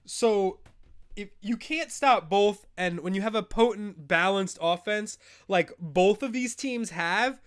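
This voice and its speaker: A man's voice: sits high, a bit bright, clean tone. A young man hosting a live fantasy football advice stream, bantering loosely and joking as he answers chat questions. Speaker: host.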